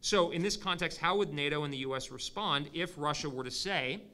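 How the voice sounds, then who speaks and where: A man's voice: fairly high pitch, a little fast, pushed and bright. A man giving an analytical conference panel talk, often restarting sentences with many fillers. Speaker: panel speaker. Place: conference hall near an air force base.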